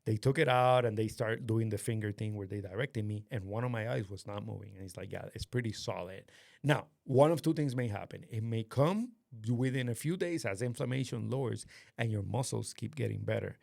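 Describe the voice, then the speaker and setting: A man host casually telling a story to a friend, animated and swearing often, acting out what others said. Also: on the low side, a little fast, vocal fry, dry recording, studio quality. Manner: animated, swears a lot, acts out quoted voices. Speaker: podcast host.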